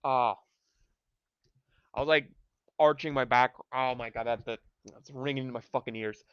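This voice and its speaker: A man's voice: medium pitch, fairly even intonation, moderate pace, clean tone, no echo. Profane ranting man on a lo-fi stream. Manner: profane, rambling, heated; mixes in Spanish phrases. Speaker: livestream host. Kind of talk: ranting livestream commentary. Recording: dull lo-fi home mic.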